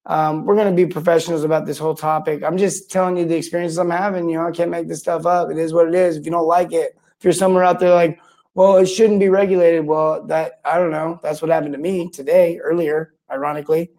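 A man's voice: a little high, little pitch movement, fast talker, few pauses, a little mellow. A man hosting his own show, telling a rambling, worked-up story in casual monologue with many restarts. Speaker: podcast host. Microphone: own mic and camera.

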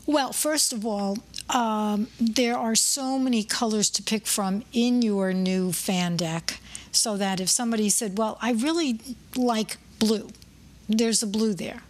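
A woman's voice: mid-range voice, measured pace. A middle-aged woman hosting a podcast, chatting and telling anecdotes in an opinionated, friendly way. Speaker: podcast host. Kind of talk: casual interview chat.

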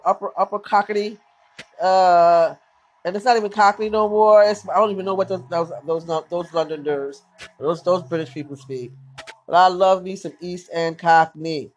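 Excitable, swearing movie-reaction podcaster. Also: medium pitch, moderate pace. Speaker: podcast host. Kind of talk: casual live movie reaction commentary.

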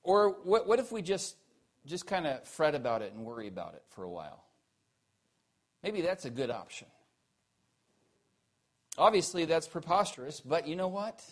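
Man with a high voice preaching; earnest, questioning, swings from emphatic to quiet. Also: very animated, normal speed, long pauses. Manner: rising to emphatic peaks, then dropping low and quiet; earnest, asks the listeners questions. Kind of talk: sermon.

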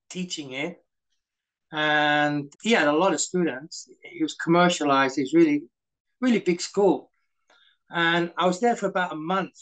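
A man's voice: a little high, fairly bright tone, rough recording. A middle-aged man, a guest in a casual interview, telling anecdotes full of quoted dialogue and fillers. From Britain. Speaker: guest, former stuntman.

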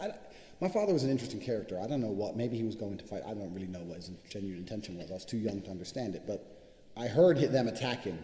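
A man's voice: fairly low pitch, dark tone. A man giving a brash, boastful, profane motivational monologue as a vlogger. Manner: brash, boastful, swears constantly. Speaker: vlogger giving money advice. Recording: echoey room with long reverb.

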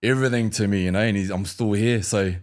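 Male ex-fighter guest, New Zealand accent, low relaxed storyteller. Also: fast. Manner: animated storyteller, acts out fight banter and laughs. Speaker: former UFC fighter, guest. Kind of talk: casual storytelling interview.

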